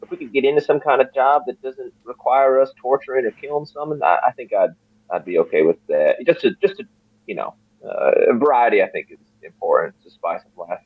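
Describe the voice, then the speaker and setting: A man's voice: mid-range voice, fairly quick, slightly rough, dry recording. A man playing a tabletop game, speaking casually and hesitantly, repeating words as he thinks. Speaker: player. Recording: dry dull lo-fi mic.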